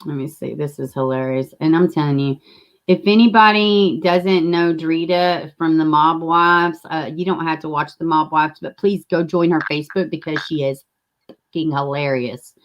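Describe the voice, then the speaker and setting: A woman's voice: low voice, steady tone, normal speed, dull audio. A woman hosting a livestream, chatting casually and rambling, with casual swearing. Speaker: livestream host.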